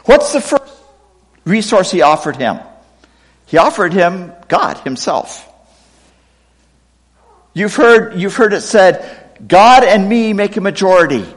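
A middle-aged male pastor delivering a sermon in a high voice that swoops widely in pitch. He acts out scripture quotes with dramatic emphasis. His voice rings with the long reverb of a large hall. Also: sing-song, slow pace, pauses often. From United States, raised partly in Pakistan.

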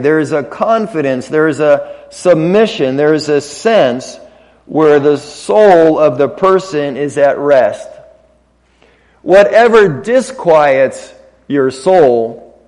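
A man preaching a sermon in a conversational way, slow and deliberate with quick asides. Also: fairly high pitch, darkish tone. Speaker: pastor. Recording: long reverb of a large hall.

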